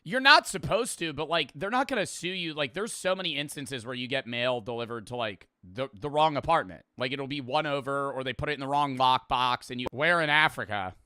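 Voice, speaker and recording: Bright, crisp young man rambling. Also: medium pitch, a little fast, hardly any pauses, no echo, studio quality. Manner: rambling, swearing, laughing storyteller. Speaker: streamer reacting to clips. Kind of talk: casual reaction chat.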